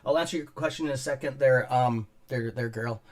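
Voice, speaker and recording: A man hosting a casual stock market livestream from his home studio, rambling and swearing as he chats with viewers and keeps clearing his throat. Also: medium pitch, fairly quick. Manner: rambling, profane, greets chat viewers by name. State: clearing throat and coughing often. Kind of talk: casual live-stream chat with viewers. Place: home studio on a top floor.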